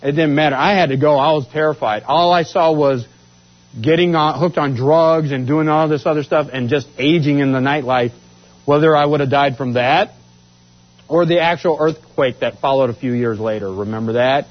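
A man from Washington state telling his life story as a testimony, acting out what others said. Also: moderate pace. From Washington state, USA. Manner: animated, acts out quotes with rising pitch. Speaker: speaker giving a testimony. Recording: dull lo-fi sound.

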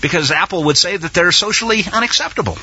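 A male preacher delivers a sermon in a sarcastic, animated way. His voice is high and swings widely in pitch, with a very bright, husky tone. The recording is dull and lo-fi. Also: fast.

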